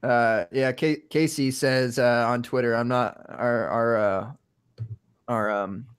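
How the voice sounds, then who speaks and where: A man co-hosting a casual sports podcast, speaking haltingly with many fillers. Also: mid-range voice, fairly even intonation, smooth. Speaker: podcast co-host.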